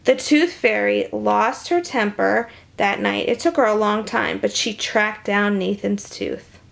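A woman reading a picture book aloud to children on camera in an animated, chatty way, often dropping to a whisper. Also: medium pitch, a little slow, gravelly. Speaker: children's story reader.

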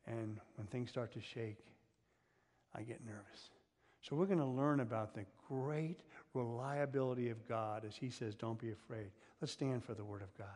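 A man's voice: medium pitch, normal speed, a little mellow. A male pastor preaching a sermon in a humorous, conversational way, often asking the congregation questions. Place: church sanctuary. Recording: long reverb of a church hall.

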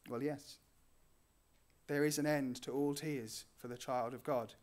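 A man preaching a sermon in an earnest way. He lifts his voice on key words and lets his lines fall soft and low at the ends. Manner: earnest, rising on key phrases and dropping softly at line ends.

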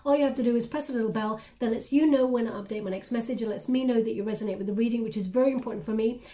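A woman's voice: a little high, very fast, dark tone. A woman giving a casual tarot reading to her viewers, chatty and reassuring, full of fillers and "okay?" checks. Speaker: tarot reader.

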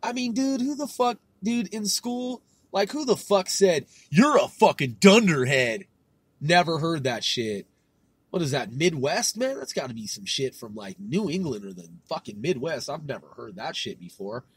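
A man's voice: on the high side, animated, normal speed, breathy edge, dry recording. A man in his thirties hosting a solo podcast, rambling in loose, profane slang and laughing at himself as he reads things aloud. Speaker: podcast host.

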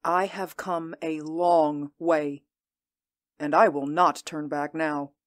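Fields: Figure: proud warrior queen, acted by a woman. Pitch: lowish. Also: steady tone. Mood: proud, fierce. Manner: intense, measured and commanding. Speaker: voice actor. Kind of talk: audio drama acting.

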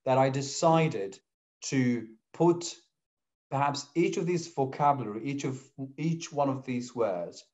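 A man's voice: mid-range voice, lively intonation, a little slow, a little mellow. A man whose first language is Arabic, hosting a podcast in casual conversation and explaining by acting out examples. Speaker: podcast host. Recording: dull lo-fi audio.

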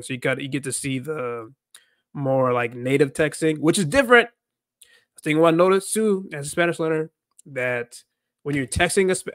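A man's voice: a little high, a bit bright, no echo. A man hosting a casual livestream, rambling with lots of "like" and restarted sentences. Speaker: host.

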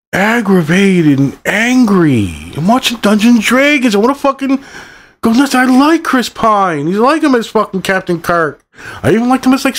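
A middle-aged man ranting angrily about a movie, swearing constantly and rambling from point to point. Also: medium pitch. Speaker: channel host reviewing a movie. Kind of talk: profane ranting movie review.

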